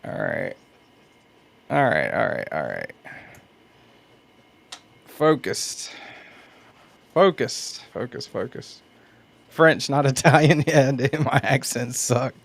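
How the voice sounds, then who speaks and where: A man with a Southern US accent chats casually on a livestream. He talks at an unhurried pace in an average-pitched voice, stopping and restarting his sentences and breaking into laughter often. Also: sing-song, creaky. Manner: slow, halting, laughs often, reads chat aloud. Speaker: host sharpening knives on a livestream.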